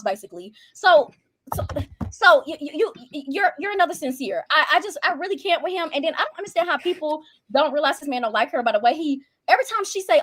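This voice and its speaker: Brief: high-voiced woman reviewer, heated and profane, quick delivery. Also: big pitch swings, a bit bright, no echo, studio quality. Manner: fast, heated, profane, acts out quotes. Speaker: reality show reviewer. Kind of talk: casual ranting commentary.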